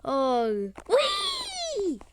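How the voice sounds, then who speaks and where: A woman puts on a bossy cartoon cat with a high, shrill voice. It nags and pushes without letup, every word an order to hurry up. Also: huge pitch swings, very slow, noisy background, full character voice. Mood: frantic. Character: frantic bossy cartoon cat urging haste.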